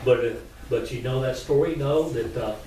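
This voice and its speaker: A man telling a folk tale live to an audience, chatty and animated with asides to the listeners. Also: mid-range voice, a little fast. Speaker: storyteller. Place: meeting hall. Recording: echoey room from far off, faint noise.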